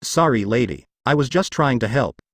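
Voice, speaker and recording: A man voicing a brooding, protective teenage boy with a blunt, even delivery. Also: mid-range voice, normal speed, dry recording, studio quality. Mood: concerned.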